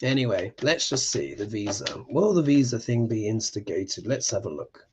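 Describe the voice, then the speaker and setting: A man's voice: fairly low pitch, animated, normal speed, a little mellow, a little hiss or hum. A man hosting a live astrology show, reading tarot cards and ranting with emphatic passion.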